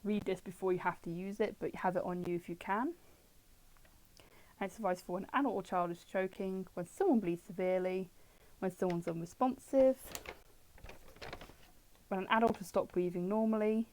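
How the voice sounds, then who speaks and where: British woman streamer at home; mellow tone, chatty and digressive, quips back at chat. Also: medium pitch, moderate pace, pauses often, low-quality recording. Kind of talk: casual livestream chat reviewing old books. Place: at home with her dog.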